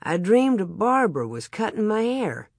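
Woman reading as a calm, dry-humored pioneer father. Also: medium pitch, unhurried, no room sound, voice pushed up. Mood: insistent. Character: steady, teasing pioneer father.

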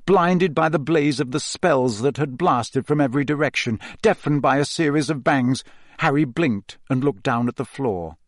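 Steady male audiobook narrator. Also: medium pitch, no echo, studio quality. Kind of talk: scripted narration.

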